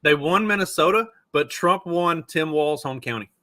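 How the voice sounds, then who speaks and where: A man's voice: on the high side, normal speed, pushed and bright, no room sound, clean studio sound. A man co-hosting a podcast, sarcastic and wry. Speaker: podcast co-host. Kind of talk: casual chat.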